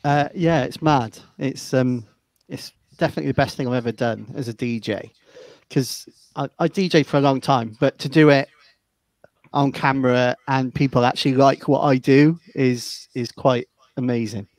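Man, Welsh accent, joking, laughs a lot, mid pitch, dry audio. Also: steady tone, normal speed, a little mellow, no echo. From Wales. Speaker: guest DJ. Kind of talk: casual video-call chat.

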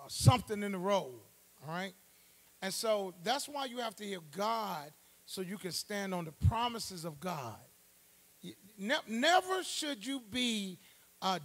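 Gravelly high-voiced male preacher. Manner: preaching with call-and-response, swelling to loud emphasis. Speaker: pastor. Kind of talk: Bible study sermon. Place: church.

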